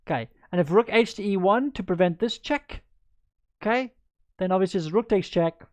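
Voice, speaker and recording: A woman's voice: medium pitch, animated, moderate pace, darkish tone, no room sound. A woman chess coach in a livestreamed lesson, chatty and upbeat, answering viewers by name as she goes through moves.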